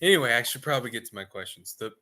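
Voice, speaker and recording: A man teaching a casual streamed Bible lesson in an animated, irreverent way, laughing often. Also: mid-range voice, rapid-fire. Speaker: Sunday school teacher.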